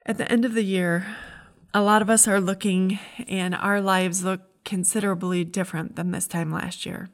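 A woman's voice: mid-range voice, flat delivery, normal speed. A middle-aged woman giving a heartfelt, earnest devotional message as a Christian speaker.

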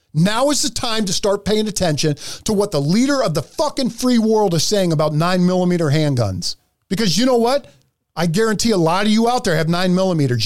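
A man hosting a podcast, ranting profanely through heated political commentary. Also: high-pitched. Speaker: podcast host.

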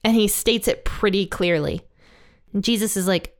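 A woman's voice: mid-range voice, unhurried. A woman teaching a Bible passage in a casual, conversational way, retelling the scripture in everyday words.

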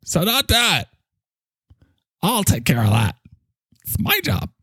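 A man doing a shrill bossy boss. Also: huge pitch swings, measured pace, pushed and bright, slightly rough, dry recording, studio quality, full character voice. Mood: scolding. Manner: squeaky, bossy and scolding. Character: shrill bossy boss scolding his underling.

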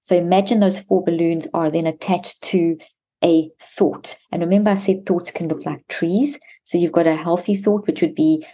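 Woman, expert guest; husky, mellow voice, explanatory, lots of restarts. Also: lowish voice, steady tone, normal speed. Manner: many restarts and repeated words, explanatory. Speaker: guest expert on mental health. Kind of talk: explanatory advice to parents.

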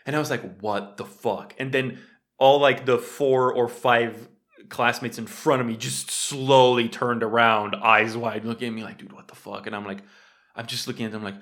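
A man's voice: mid-range voice, fairly even intonation, moderate pace, fairly bright tone. A young man co-hosting a casual podcast, telling a rambling story, swearing freely and acting out what people said. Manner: rambling storyteller, swears often, acts out quoted lines. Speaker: podcast co-host. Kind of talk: casual chat.

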